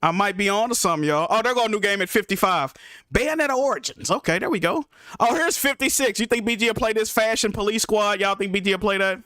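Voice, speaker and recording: A man's voice: sits high, fast, dry recording, clean studio sound. Exasperated young man ranting on stream. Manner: exasperated, profane, swings loud and quiet. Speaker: gaming streamer. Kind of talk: live stream rant.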